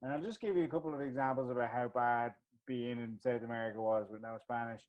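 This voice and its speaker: A young man from Ireland, appearing as a guest storyteller, tells a chatty, self-mocking travel anecdote packed with fillers and restarts. He talks fast in a mid-range, steady voice. The video call audio sounds dull and lo-fi.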